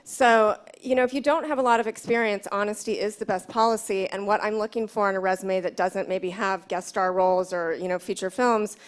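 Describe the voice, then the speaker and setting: A woman's voice: medium pitch, fairly even intonation, a little fast, hardly any pauses. A woman who works as a commercial agent, speaking frankly and chattily on a panel. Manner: chatty, frank, many fillers. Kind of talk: panel discussion.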